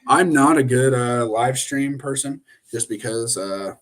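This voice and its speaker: A young man speaks a little slowly in a bright-ish, mid-range voice. Hosting a sports live stream via webcam, he looks straight into the camera for casual, rambling rants full of fillers and restarts.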